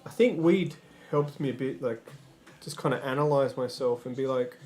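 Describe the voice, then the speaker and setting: A man's voice: mid-range voice, normal speed, a little mellow, soft background music. A man livestreaming in casual chat, rambling and swearing, often stammering and restarting his sentences.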